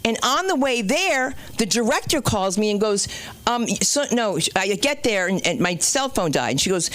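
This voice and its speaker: A woman comedian hosting an open mic night, telling a rambling stand-up story with swearing and sudden loud and low turns. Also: moderate pace, dry recording. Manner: animated, swearing, jumps between loud and low. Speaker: comedian and show host. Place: small comedy club stage.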